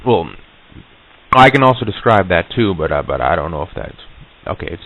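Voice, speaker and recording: A man recounting an eerie encounter in a halting, casual way, with many restarts and fillers. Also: low-pitched, very animated, a bit bright. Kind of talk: casual spoken recollection. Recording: tinny lo-fi old reel-to-reel tape.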